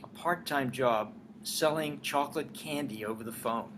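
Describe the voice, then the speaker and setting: Animated older man telling stories. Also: mid-range voice, moderate pace, noisy background. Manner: animated storyteller, acts out dialogue in quotes. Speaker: guest, writer-director and former pop singer. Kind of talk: casual storytelling interview. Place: Los Angeles.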